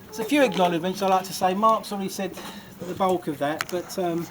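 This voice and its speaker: High-voiced man, best man speech, jokey and rambling, loud background noise. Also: fast talker. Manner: jokey, rambling, often laughing. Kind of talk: wedding speech. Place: wedding reception.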